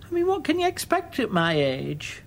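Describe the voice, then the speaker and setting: A man voicing a querulous, sharp-tongued woman in her seventies, nagging and indignant. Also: huge pitch swings, moderate pace, vocal fry, full character voice. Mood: bitter. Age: 70s. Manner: nagging, indignant, rising to shrill.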